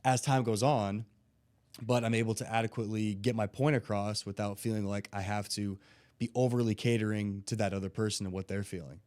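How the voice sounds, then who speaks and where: A man with a somewhat low voice talks through a relaxed podcast conversation. He tells stories animatedly and swears casually, in an easygoing coaching tone. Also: brisk. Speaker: guest, life coach and former football player.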